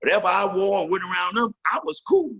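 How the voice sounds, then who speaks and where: A man's voice: sits high, lively intonation, quick pace, fairly bright tone, breathy edge, highs cut off. A man in his fifties, a veteran MC guest in a casual interview, telling loose, profane stories and slipping into the voices of the people he quotes.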